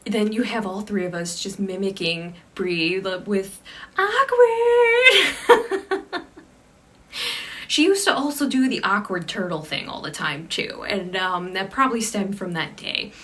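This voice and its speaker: A woman hosting a casual chat show and telling a story, shifting between lively telling and a hushed near-whisper. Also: lowish voice. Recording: slightly distant mic with faint background noise.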